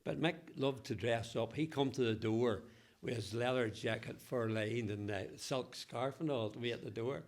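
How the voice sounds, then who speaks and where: This is a Ballywalter man in his eighties, his voice medium in pitch and normal in pace. As a local historian being interviewed, he shares childhood tales from Northern Ireland in a Northern Irish accent and broad dialect, with plenty of chuckles along the way.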